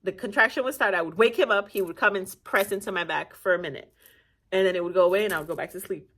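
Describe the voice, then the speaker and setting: A woman's voice: medium pitch, fast talker. A young adult woman from Nigeria, casually telling a personal story on her channel, laughing often and acting out what people said. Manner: animated, laughing often, acting out quoted voices. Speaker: vlogger.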